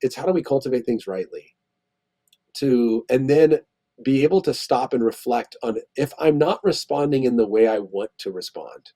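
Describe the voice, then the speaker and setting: A man talks through an idea as a guest in an interview, thoughtful and long-winded, circling back and restarting phrases. His voice is slightly husky with a mellow, darker tone. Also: mid-range voice, lively intonation, normal speed. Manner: thoughtful, explains at length with restarts. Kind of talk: conversational interview.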